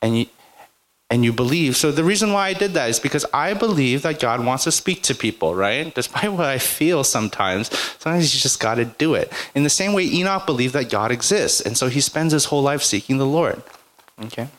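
A man's voice: mid-range voice, expressive, brisk, a bit bright. A man preaching a sermon to a congregation, telling personal stories in a chatty way and often adding "right?" and "like". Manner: conversational, storytelling, frequent "like" and "right?". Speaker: pastor.

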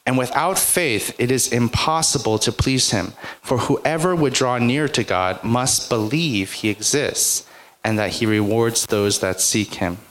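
A man's voice: medium pitch, unhurried, fairly bright tone. A man preaching a sermon to a congregation, telling personal stories in a chatty way and often adding "right?" and "like". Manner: conversational, storytelling, frequent "like" and "right?". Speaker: pastor.

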